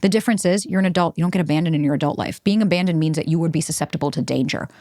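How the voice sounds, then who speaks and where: Woman, podcast host, blunt, swears a lot, fast talker, dry close sound. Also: sits low, warm tone, dry recording. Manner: blunt and profane, acts out quoted voices. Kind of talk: self-help podcast monologue.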